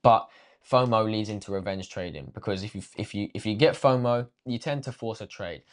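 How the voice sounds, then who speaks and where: A man's voice: fairly low pitch, a little fast. Slangy man coaching traders. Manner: slangy, swears freely, addresses viewers directly. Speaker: trading coach. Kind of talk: casual spoken lesson.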